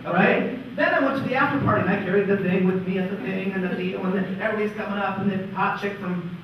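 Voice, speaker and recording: A man co-presenting a conference talk, telling an anecdote in an animated, self-interrupting way. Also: high voice, fast, a little hiss or hum. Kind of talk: storytelling on stage. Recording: echoey hall, far-off dull mic.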